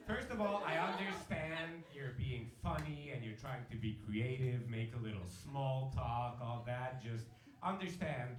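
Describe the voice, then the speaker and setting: A young man doing a stand-up comedy set, chatty and riffing with the audience. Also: mid-range voice. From Hungary and South Africa. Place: comedy venue with live audience. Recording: roomy live venue with crowd laughter. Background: audience laughing.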